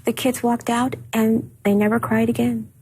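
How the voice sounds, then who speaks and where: A woman being interviewed, telling personal memories in a halting way and repeating words when upset. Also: a little high, flat delivery, darkish tone, slight background noise, rough recording. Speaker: interview guest. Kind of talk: emotional personal recollection.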